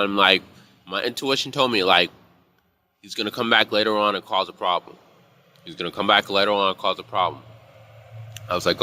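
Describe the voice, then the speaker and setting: Heated, foul-mouthed man with a bright voice. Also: on the low side. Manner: profane, heated, talks in rambling anecdotes. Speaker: instructor of a live class on intuition. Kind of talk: casual live class, storytelling monologue.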